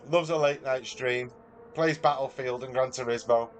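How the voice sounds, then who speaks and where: A man's voice: mid-range voice, fairly even intonation, normal speed, a little hiss or hum. Chatty Mancunian man live-streaming. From Manchester, England. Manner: chatty, matey, reads out viewers' messages. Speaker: livestreamer. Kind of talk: casual live-stream chat.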